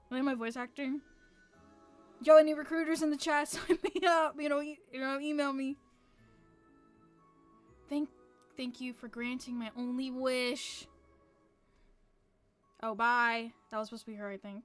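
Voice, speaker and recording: Streamer woman: high-pitched, easygoing slow pace, loose and profane, faint music behind. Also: steady tone. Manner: loose, profane, self-mocking. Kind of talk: casual live-stream chat.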